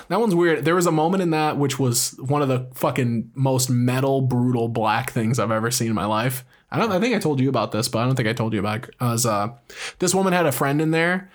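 A man in casual podcast chat, telling stories animatedly, acting out the voices of people he describes and swearing freely. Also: medium pitch.

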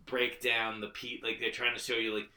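A man with a bright, forceful voice talks loosely about a film, stringing thoughts together with plenty of fillers. His speech rings in a roomy, echoey space. He sounds like a podcast co-host in casual chat. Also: medium pitch, completely flat delivery, normal speed. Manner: rambling, filler-heavy, slips into mock voices.

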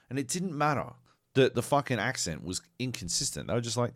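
Male podcast co-host, casual banter, sweary and animated, dry close mic. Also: mid-range voice, brisk, no room sound.

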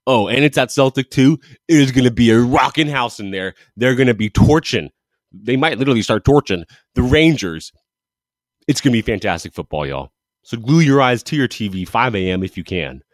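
A man's voice: mid-range voice, animated, brisk, no room sound, clean studio sound. A man hosting a football show, talking through results with eager, rambling enthusiasm and frequent restarts. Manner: enthusiastic, rambling, self-correcting. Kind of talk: casual sports commentary monologue.

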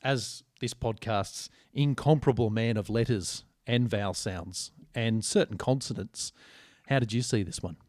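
A man's voice: on the low side, moderate pace, a little mellow, no echo, studio quality. A man co-hosting a podcast, wry and articulate in casual banter. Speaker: podcast co-host.

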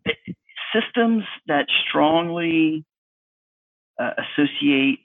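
A man's voice: fairly high pitch, expressive, takes it slowly, vocal fry, dry recording. A man co-hosting a casual round-table chat about tabletop games, wry and rambling. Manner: wry, rambling, self-mocking. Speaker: podcast co-host. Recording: tinny phone-like line.

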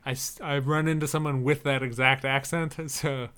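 A man's voice: mid-range voice, fairly even intonation, moderate pace, a bit bright, clear, resonant tone. A man co-hosting a podcast in casual chat, wry and chuckling as he reads out listener emails. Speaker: podcast co-host.

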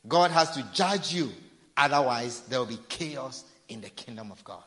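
A man's voice: medium pitch, moderate pace, fairly bright tone. A man preaching a sermon, repeating phrases and acting out people's pleas. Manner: preaching with repetition and acted-out pleading. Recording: long reverb of a large hall.

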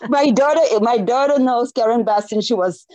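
A woman's voice: fairly high pitch, normal speed, darkish tone, no room sound, highs cut off. A woman from Senegal with a French accent, an earnest community organizer who repeats herself as she makes her points. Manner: earnest, repeats phrases, laughs between thanks.

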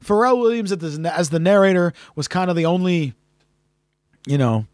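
A man co-hosting a podcast in casual chat, rambling and halting with many fillers and restarts. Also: high-pitched, expressive, darkish tone, clean tone, no echo, clean studio sound. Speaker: podcast co-host.

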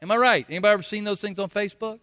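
A man delivers a folksy sermon in a high, bright voice. He now and then bursts into loud, acted quotes. His words echo through a large hall with a long reverb. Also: very fast. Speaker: pastor.

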